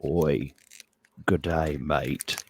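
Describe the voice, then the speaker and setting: A man putting on an exaggerated fake Australian accent, rambling deadpan through a mock-earnest talk. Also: extremely low pitch, very slow, noisy background, full character voice.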